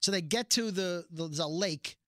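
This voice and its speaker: A man's voice: high voice, moderate pace, no echo, clean studio sound. A man co-hosting a casual chat, recapping a story at length and acting out the characters' lines as he goes. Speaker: podcast co-host recapping a TV episode.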